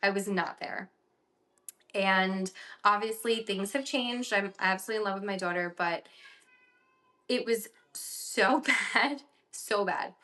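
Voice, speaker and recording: A woman's voice: mid-range voice, a little slow, sharp tone. A young woman co-hosting a casual podcast, telling a personal story animatedly with lots of "like" fillers. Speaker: podcast co-host.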